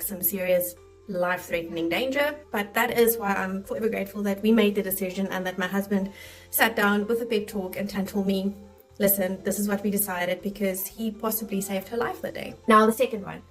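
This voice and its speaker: A woman's voice: mid-range voice, low-quality recording. A woman in her thirties, a midwife, telling her own birth story in a candid, emotional way and acting out her worried thoughts. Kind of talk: casual storytelling to camera.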